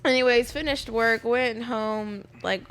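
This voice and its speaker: A woman's voice: a little high, a little slow, fairly bright tone, a little hiss or hum. A young woman chatting casually as a podcast guest, telling a rambling story and acting out her own lines. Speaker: bartender guest. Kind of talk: casual chat.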